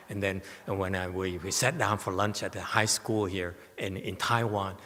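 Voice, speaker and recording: A man's voice: deep voice, steady tone, normal speed, hardly any pauses, a bit bright, big-room sound. A man giving a Buddhist dharma talk, telling stories animatedly and tossing rhetorical questions to his listeners. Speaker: Buddhist teacher. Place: temple hall.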